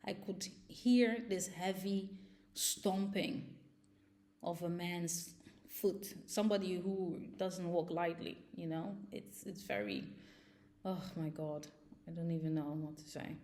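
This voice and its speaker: A woman's voice: lowish voice, steady tone, slow, mellow. A young woman vlogger recounting a personal ordeal, agitated, with frequent fillers and restarts. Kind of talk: personal storytelling.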